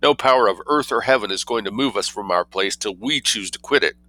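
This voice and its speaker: A man's voice: lowish voice, fairly quick, bright, forceful tone. A man reading as a pompous, condescending minister. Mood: scornful. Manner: condescending, spasmodic delivery. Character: pompous young cabinet minister.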